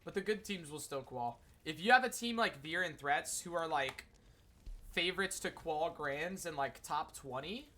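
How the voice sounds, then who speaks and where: A man hosts a casual livestream and chats loosely with his viewers. His voice sits a little high and sounds very bright and sharp. He rambles and fills his sentences with "like.". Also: expressive, normal speed, a little hiss or hum. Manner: rambling, many "like" fillers, talks to chat. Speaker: streamer. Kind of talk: casual livestream chat commentary.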